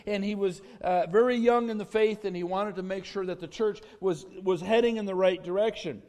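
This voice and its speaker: A middle-aged pastor preaches in a casual, folksy way, drifting into stories and light jokes from the pulpit. His voice sits somewhat high for a man. The sound carries a long church reverb. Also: fairly quick, darkish tone. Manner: conversational, folksy storytelling with humor. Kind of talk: sermon. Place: church sanctuary.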